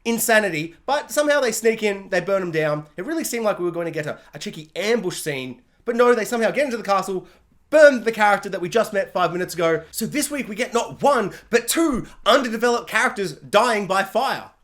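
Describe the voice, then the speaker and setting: A woman rattling through a spoiler review with a voice that leaps up and down all the time. She jokes, rants and slips into quick mock voices for the characters. The talk is casual and animated. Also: mid-range voice.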